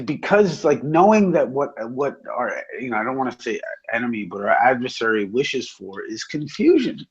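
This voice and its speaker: A man's voice: a little high, husky. A man in a casual chat who rambles and swears a lot, with many fillers. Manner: profane, rambling, filler-heavy. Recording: dull lo-fi audio.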